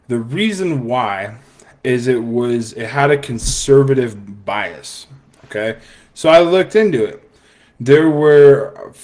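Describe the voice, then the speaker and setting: A man's voice: medium pitch, a little mellow. A man hosting a casual podcast, giving a sarcastic, opinionated monologue with lots of fillers and restarts. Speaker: podcast host. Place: live stream broadcast.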